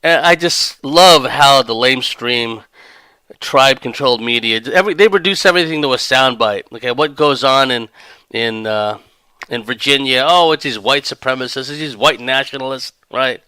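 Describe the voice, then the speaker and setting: Male podcast host, rambling sardonic commentary, smooth and resonant voice. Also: medium pitch, moderate pace, bright, forceful tone, dry recording. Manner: rambling, sardonic, breaks into laughter. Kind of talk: monologue commentary.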